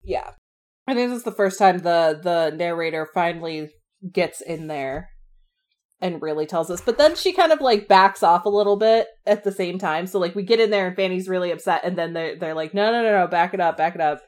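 A woman co-hosting a casual book discussion, relaxed, adding background explanations. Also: fairly low pitch, normal speed. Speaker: book podcast co-host.

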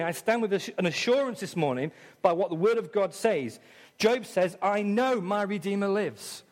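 A middle-aged English-accented man delivers a sermon in a church, his voice sitting fairly high for a man. He is dramatic, acting out the voices in his quotations and moving between loud passages and quiet ones. A long reverb trails behind his words. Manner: dramatic, acts out voices in quotes, swings loud and soft. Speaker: preacher. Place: church hall.

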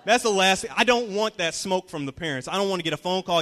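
Young man, youth pastor, sermon, high-pitched, call-and-response, echoing church hall. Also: a little fast, few pauses. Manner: builds from calm teaching to loud call-and-response. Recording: long reverb of a hall.

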